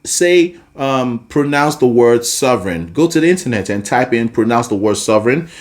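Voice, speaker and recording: A man's voice: medium pitch, animated, moderate pace. A man teaching a singing lesson, explaining patiently and breaking into sung examples. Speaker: vocal coach.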